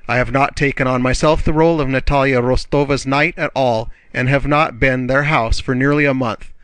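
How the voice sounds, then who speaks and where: A man's voice: mid-range voice, lively intonation, fairly quick, pushed and bright, dry recording, pitched above the performer's own voice. A man reading the part of an earnest young count in an audiobook, protesting with displeasure.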